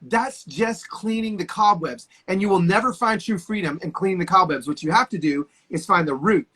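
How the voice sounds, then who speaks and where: A man's voice: high-pitched, moderate pace, pushed and bright, breathy edge. A man in his forties, a guest on a video call, telling stories with passionate, preacher-like energy. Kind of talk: casual conversation.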